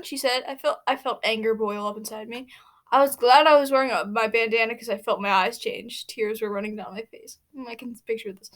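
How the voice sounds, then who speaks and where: A woman's voice: fairly high pitch, measured pace. A young woman reading a fanfic aloud casually, rambling with fillers and side comments. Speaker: reader.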